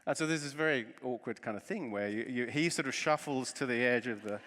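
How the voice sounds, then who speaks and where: A man giving a conference talk, telling a self-deprecating story with lively humor from the stage. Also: mid-range voice, a little fast, a little hiss or hum. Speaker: conference speaker. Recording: long reverb of a large hall.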